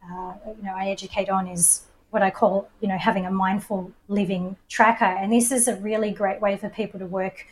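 A woman's voice: mid-range voice, little pitch movement, a little fast, few pauses, a little hiss or hum, low-quality recording. Confident Australian woman coach explaining. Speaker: coach and presenter. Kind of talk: explanatory podcast talk.

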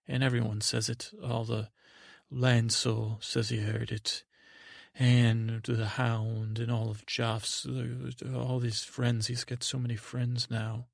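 Gravelly man rambling through a comic bedtime tale. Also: medium pitch, slow pace, dry recording, clean studio sound. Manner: rambling, stammering, deadpan. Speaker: podcast storyteller. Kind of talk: improvised comic bedtime story.

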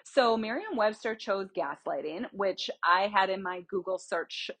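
A woman's voice: medium pitch, animated, a little slow, a bit bright, slightly rough. A young woman hosting a casual solo podcast, chatty and rambling, explaining things through everyday examples. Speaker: podcast host.

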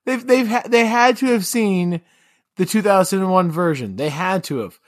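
Male podcast co-host, casual film banter, slightly high and bright, dry close sound. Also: lively intonation, normal speed, dry recording. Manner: rambling, joking, with many restarts. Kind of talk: casual film review chat.

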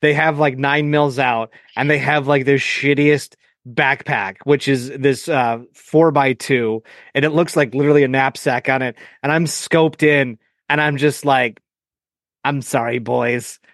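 A man with a mid-range voice tells animated stories as a podcast guest, slipping into quoted voices and cursing casually. The sound is close and dry, with no room around it. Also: mid-range voice, unhurried, no echo. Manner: animated storyteller, acts out quotes, profane.

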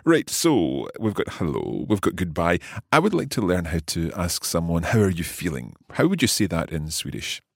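A middle-aged man hosts a scripted language-lesson podcast as a curious, good-humoured learner asking plenty of questions. His deep, gravelly voice swings widely in pitch at a moderate pace with hardly any pauses, in clean studio sound without echo.

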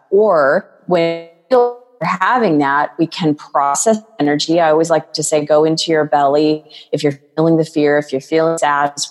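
In relaxed interview talk, a guest coach shares her thoughts earnestly and fluidly, occasionally imitating how others speak. She has a slightly low, darkish voice that is followed by a long, lingering reverb.

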